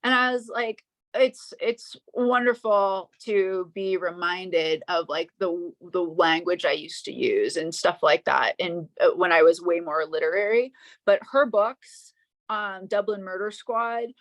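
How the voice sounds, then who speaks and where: Slow, halting woman podcast guest. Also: on the low side, no room sound. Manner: halting, emotional, many restarts. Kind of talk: casual interview chat.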